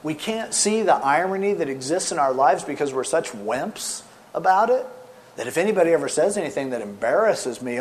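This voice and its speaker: A middle-aged man preaching a sermon, animated and sarcastic, acting out the scripture quotes as he goes. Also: fairly high pitch, a little fast. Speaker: pastor.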